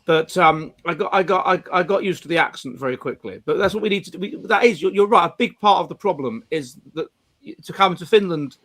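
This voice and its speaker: Male host, higher voice, rambling, many restarts. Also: expressive, brisk, fairly bright tone. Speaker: podcast host. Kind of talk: casual panel chat. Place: home studio on video stream.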